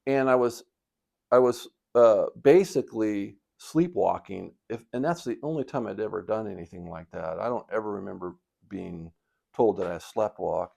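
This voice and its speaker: Gravelly older man telling a story. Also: fairly low pitch, animated, a little mellow. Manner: reflective, halting, emotional. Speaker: vlogger. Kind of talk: casual storytelling. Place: indoors by a fireplace at home.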